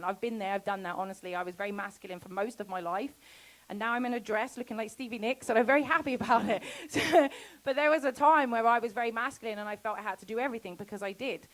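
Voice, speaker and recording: A woman giving a casual festival talk about homesteading, chatty and quick to laugh, acting out quoted conversations. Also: mid-range voice, rough recording. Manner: chatty, laughs often, acts out quoted exchanges. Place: festival talk before an audience.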